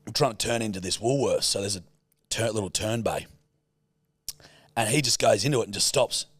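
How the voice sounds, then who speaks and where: A man's voice: on the low side, fairly quick, slightly rough, no echo, studio quality. A man co-hosting a podcast, telling a road rage story in casual chat and swearing a lot. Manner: swears a lot, animated retelling. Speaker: podcast co-host.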